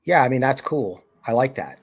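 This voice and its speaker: A man with a mid-range, slightly rough voice speaks at a normal speed in an animated way. He's hosting a casual live stream, rambling to chat, leaning heavily on fillers and acting out the voices he quotes.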